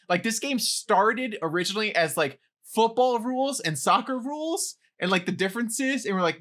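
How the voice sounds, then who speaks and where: An amiable young man running a trivia segment on a casual podcast. His pitch moves around a lot as he talks, and he laughs easily between questions. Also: lively intonation, brisk, few pauses, fairly bright tone.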